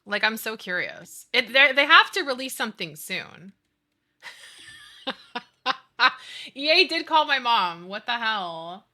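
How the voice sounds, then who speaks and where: A woman in her thirties chatting casually with her live stream audience, telling stories with lots of laughter and excitable energy. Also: a little high, slow pace, pauses often. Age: 30s. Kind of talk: casual chat while playing a game.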